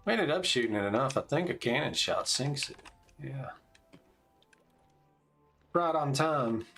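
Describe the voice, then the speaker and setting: Laid-back male game streamer in his 40s, mid-range voice, relaxed tactical chatter over faint music. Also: mid-range voice, a little slow. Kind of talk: casual gameplay commentary.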